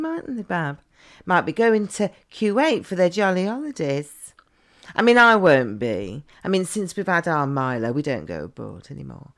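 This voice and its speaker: A woman runs a casual reaction vlog. Her talk is cheeky and chatty, full of teasing asides, and her pitch swings widely up and down as she goes. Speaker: reaction vlogger.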